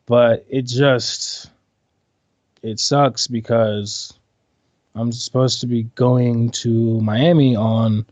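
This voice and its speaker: A man's voice: mid-range voice, steady tone, extremely slow, a little mellow, no room sound. A man chatting casually on a podcast, talking in a laid-back, rambling way. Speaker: podcast guest and club dancer. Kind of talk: casual chat. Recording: dull, dry sound.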